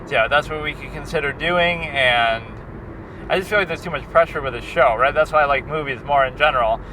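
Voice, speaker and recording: This film critic's voice is fairly high-pitched and brisk, with a noisy background behind him. Recording a rambling outdoor vlog on a handheld device, he keeps restarting his sentences and leaning on fillers.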